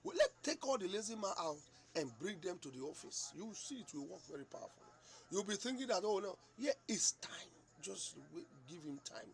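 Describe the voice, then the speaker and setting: A man teaching a Bible study in an animated, repetitive way, acting out little dialogues. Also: high voice, brisk, gravelly.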